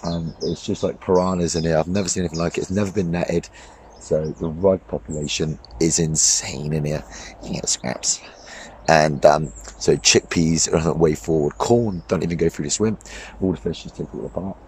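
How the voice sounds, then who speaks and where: A man with a hoarse voice from a cold, chatting casually and cheerfully into a handheld camera beside a small overgrown lake. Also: rumbling low, fairly even intonation, moderate pace, darkish tone, slight background noise. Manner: upbeat, rambling, laughs often. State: hoarse, losing his voice from a cold. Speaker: fishing vlogger.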